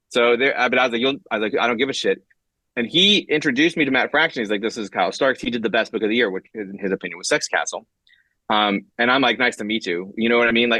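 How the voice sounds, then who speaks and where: A man with a fairly low voice, recorded with no echo, is being interviewed as a guest comic writer. He tells stories casually and animatedly, acting out quotes and using many fillers and restarts.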